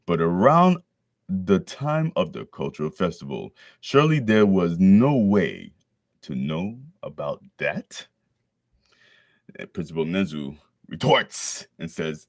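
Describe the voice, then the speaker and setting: A man reads through a comic chapter in a relaxed, casual way, dropping slangy jokes between lines. His voice is fairly low and swings widely in pitch, and the sound is dry and close. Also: takes it slowly, no room sound. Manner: slangy, joking asides between read lines. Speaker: manga reader.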